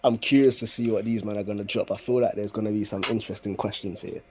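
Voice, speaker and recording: A man's voice: on the low side, steady tone, fast, a little mellow. A man, chatting as a guest on a podcast with laid-back, slangy banter. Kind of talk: casual chat.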